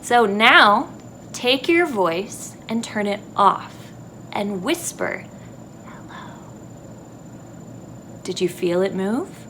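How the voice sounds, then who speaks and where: Woman teacher talking slowly to young kids. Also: medium pitch, expressive, bright, forceful tone, slight background noise. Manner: slow, clear teacher talk to young kids. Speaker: elementary music teacher. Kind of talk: video lesson for children. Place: empty classroom.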